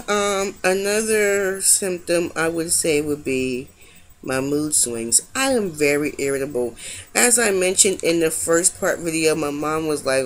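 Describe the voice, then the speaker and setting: A young woman talking casually to her camera, candid and rambling with frequent restarts. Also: sits low. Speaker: vlogger sharing pregnancy update.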